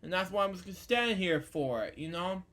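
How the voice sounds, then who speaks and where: Man hosting a casual book review, rambling, self-correcting, slightly high voice. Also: animated, brisk, fairly bright tone.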